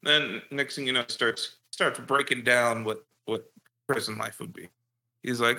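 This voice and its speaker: A man in casual chat, telling a childhood story in a lively, profane way. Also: mid-range voice, a little slow. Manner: animated profane storytelling with laughs.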